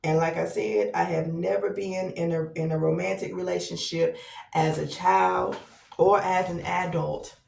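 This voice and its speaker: Frank woman podcaster, gravelly and roomy. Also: lowish voice, steady tone, measured pace, a little mellow. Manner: frank, repetitive, swears freely, rhetorical "right?". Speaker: podcast host. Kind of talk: candid personal monologue. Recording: echoey room, voice off-mic.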